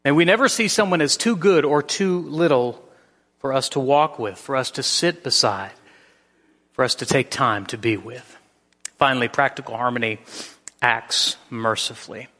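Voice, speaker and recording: A pastor preaching a sermon, telling a story with shifting emphasis. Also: male voice, medium pitch, moderate pace, pushed and bright, big-room sound.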